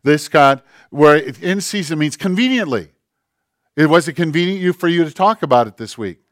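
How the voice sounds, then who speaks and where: A man preaching a conversational sermon, swinging between loud emphasis and hushed, quiet quoting. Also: fairly high pitch, animated, moderate pace, dry recording, clean studio sound. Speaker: pastor.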